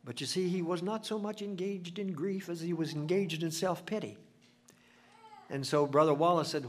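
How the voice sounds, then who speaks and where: Older male preacher, sermon delivery, voice a touch high, big loud swells and soft drops. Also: moderate pace. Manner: swells loud for emphasis then drops to near hush. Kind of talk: sermon with invitation.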